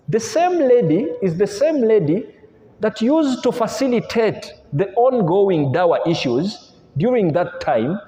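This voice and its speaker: Male preacher, lively storyteller, warm tone, roomy reverberant hall. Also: high voice, slight background noise. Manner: animated storytelling, mixing languages, rhetorical questions. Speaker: Islamic preacher. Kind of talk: sermon retelling stories. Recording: echoey hall with long reverb.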